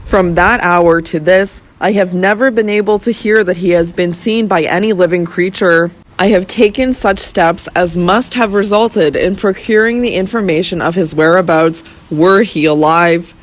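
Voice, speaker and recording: A reader voicing a grave young gentleman who accuses slowly, solemnly and without pity. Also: mid-range voice, close to an everyday voice. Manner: slow, solemn, measured. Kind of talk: audiobook character voice.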